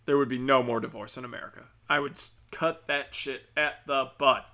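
A man's voice: mid-range voice, steady tone, normal speed, pushed and bright. A man telling a rambling comic story, sarcastic and profane. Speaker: comedian. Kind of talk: comedic storytelling.

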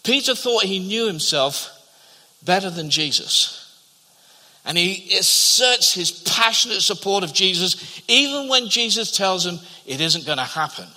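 A man preaching in a hall with a long, ringing reverb. His voice is high and very bright, almost sharp. He tells the story in a storyteller's way, repeats words as he goes, and sinks to a near hush for the tender parts. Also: animated, unhurried. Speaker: pastor. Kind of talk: sermon.

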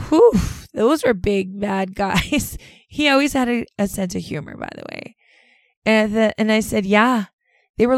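A woman's voice: medium pitch, gravelly, no room sound. A middle-aged woman hosting a podcast, telling a personal story in an earnest, rambling way with many fillers. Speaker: podcast host.

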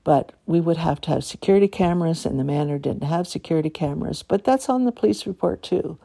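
Older woman from Canada, low gravelly voice, rambling aggrieved vlog monologue. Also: lively intonation, fast talker, mellow. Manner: rambling, aggrieved, with many restarts. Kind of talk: personal monologue.

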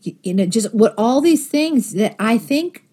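A woman's voice: a little high, animated, measured pace, dark tone, slightly rough. A woman sharing a personal faith testimony in an earnest storytelling manner, acting out the thoughts she quotes.

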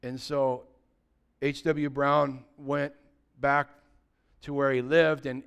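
A man, a pastor preaching a sermon and telling stories, swinging from loud passages to hushed ones. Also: mid-range voice, smooth. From United States.

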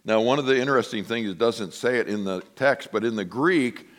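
A middle-aged man preaching a sermon as pastor, telling a personal story with hushed asides and loud exclamations. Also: medium pitch, brisk.

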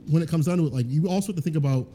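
A man's voice: a little high, very fast, mellow. A man talking as a podcast guest, in a rambling, earnest way full of fillers. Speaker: guest fighting game commentator. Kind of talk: casual podcast chat.

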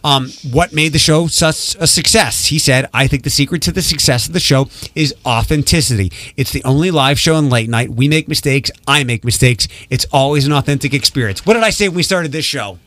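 A man's voice: on the high side, brisk, few pauses, fairly bright tone, dry recording. A man hosting a radio show, running through entertainment news in a loose, chatty way. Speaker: radio host. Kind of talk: casual morning radio chat. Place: radio studio. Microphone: studio microphone.

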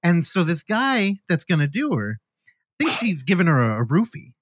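A man hosting a casual movie podcast, retelling a film plot with profanity and quick acted-out lines. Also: on the high side, dry recording, clean studio sound. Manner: animated, profane, acts out movie scenes. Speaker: podcast host. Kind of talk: casual movie review chat.

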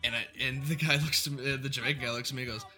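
A man's voice: mid-range voice, steady tone, rapid-fire, sharp tone, faint music behind. A man on a podcast telling a story in casual, profane chat. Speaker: podcast co-host.

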